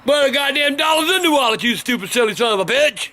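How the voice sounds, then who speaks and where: High, bright-voiced older man. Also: animated, fast. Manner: cursing constantly, bursts into shouting. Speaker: vlog host telling stories. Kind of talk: profane storytelling rant.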